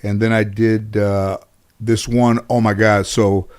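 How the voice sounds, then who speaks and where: A man's voice: on the low side, little pitch movement, slow, darkish tone, smooth. Rambling middle-aged man telling stories. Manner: rambling, anecdotal, lots of fillers and restarts. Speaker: interview guest, comedian and actor. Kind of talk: casual storytelling in an interview.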